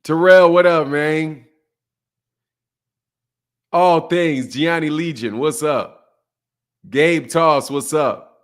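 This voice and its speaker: A man's voice: a little high, drawn-out words, long pauses. A man hosting a casual boxing livestream, greeting chatters by name, talking loose and slangy with plenty of laughter and cursing. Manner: loose, laughing banter, shouting out chat names; slangy, profane, mocking.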